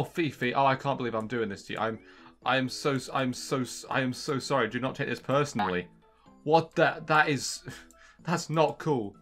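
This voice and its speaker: A young man narrating a handheld game as he plays, excitable and jokey. He keeps talking straight to the little characters on screen. His voice is bright and forward, with soft game music faintly behind him. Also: mid-range voice, moderate pace. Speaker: gaming channel host. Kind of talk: let's-play commentary.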